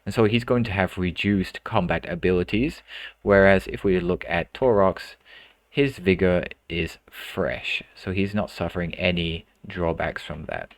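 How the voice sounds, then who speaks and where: A man giving calm, explanatory gameplay commentary as a tutorial host, often repeating a word as he thinks aloud. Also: sits low, a little slow, no echo.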